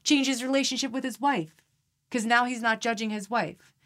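A woman energy healer, a podcast guest, talking earnestly and animatedly in an interview, repeating phrases and dropping to a hushed voice when she recites a prayer. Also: fairly high pitch, moderate pace. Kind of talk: conversational interview.

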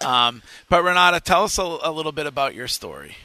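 Male radio host, bright tone, chatty and easygoing, dry close mic. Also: fairly high pitch, big pitch swings, fast, dry recording. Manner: friendly, rambling, self-deprecating. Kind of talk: live radio interview. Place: warm room at a ballpark.

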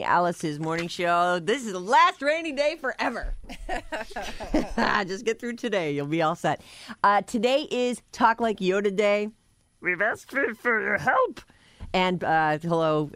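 A woman co-hosting a morning radio show, chatty and quick to laugh. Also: lowish voice, animated, a bit bright. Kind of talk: casual radio chat.

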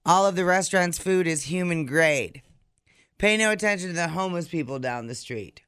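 A man's voice: high voice, lively intonation, normal speed, fairly bright tone, clear, resonant tone, dry recording, studio quality. A man co-hosting a morning show podcast, reading out odd news stories with sardonic asides. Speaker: co-host. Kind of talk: casual morning show banter.

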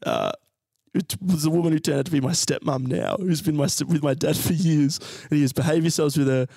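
An Australian man in his twenties telling a funny story on a podcast, animated and laughing as he goes. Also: on the high side, fairly quick, vocal fry, slightly rough, dry recording, clean studio sound. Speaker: podcast co-host. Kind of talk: comic storytelling.

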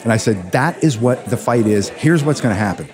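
A man who hosts a radio show, telling stories in an interview with animated, emphatic delivery. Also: medium pitch, fairly quick, music in the background. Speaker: radio host and attorney, guest. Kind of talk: conversational storytelling interview. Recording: crowd chatter behind.

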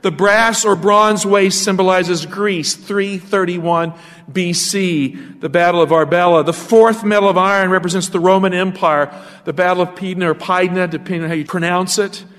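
High-voiced preaching pastor, man. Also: steady tone, normal speed, fairly bright tone, long reverb tail. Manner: preaching with rhetorical questions to the congregation. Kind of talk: sermon.

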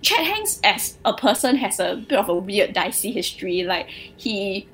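A woman's voice: mid-range voice, big pitch swings, moderate pace, fairly bright tone, slight background noise, rough recording. A young woman, co-hosting a casual pop culture podcast and talking in a chatty way with many fillers. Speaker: podcast co-host.

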